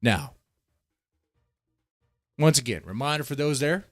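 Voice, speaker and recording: A man's voice: medium pitch, animated, a little slow, no room sound, clean studio sound, soft background music. A man hosting a livestream, rambling in casual, profane commentary and talking straight to his chat. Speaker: livestream host.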